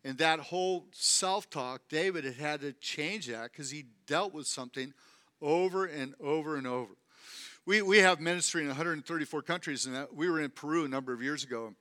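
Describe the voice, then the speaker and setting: A man preaching a sermon as a guest speaker, animated, repeating phrases for emphasis and calling on the congregation to respond. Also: a little high, fairly quick.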